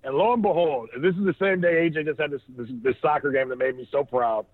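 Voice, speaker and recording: A man's voice: on the high side, fast talker. A man telling a rambling story, full of restarts and laughter, as a podcast co-host. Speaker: podcast co-host on a phone line. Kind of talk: casual storytelling chat. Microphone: phone. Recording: tinny phone line.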